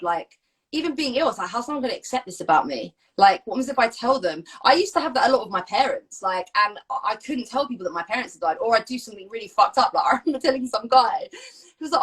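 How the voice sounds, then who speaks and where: A woman's voice: fairly high pitch, animated, quick pace, fairly bright tone, slightly rough. A young woman coach chatting on a live stream, blunt and frank, swearing freely and laughing often. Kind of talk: casual chat. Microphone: phone, live stream.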